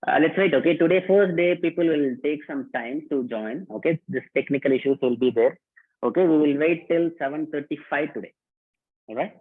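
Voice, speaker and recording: A man's voice: fairly high pitch, fairly quick. A man hosting a live online workshop, greeting participants by name and repeating instructions in a casual way. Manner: casual, repetitive, calls out names and instructions. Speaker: workshop host. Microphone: online video call. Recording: tinny phone-like call audio.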